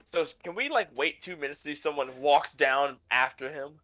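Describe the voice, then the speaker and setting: A man with a bright, forceful voice chats casually as a player at a tabletop game. He jokes and banters loosely with the others. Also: on the high side, a little fast, rough recording.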